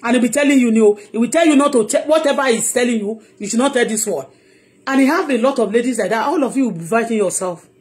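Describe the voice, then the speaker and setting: A woman's voice: a little high, quick pace, darkish tone. A woman with a Nigerian accent giving an impassioned, heated monologue on her blog, emphatic and repeating herself. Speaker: online blogger.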